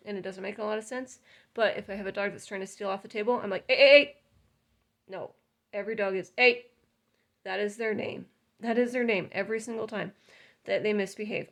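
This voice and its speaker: An earnest woman in her thirties talks casually to her viewers, full of fillers and restarts. Her mid-pitched voice carries a gravelly fry. Now and then she breaks into loud acted exclamations. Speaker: dog breeder. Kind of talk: casual talk to camera.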